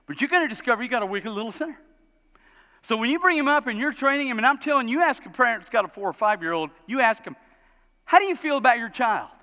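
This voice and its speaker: High bright-voiced preacher in a reverberant hall. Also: male voice, fast talker. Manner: animated, acts out quoted parents in high voices. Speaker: pastor. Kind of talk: sermon. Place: church sanctuary.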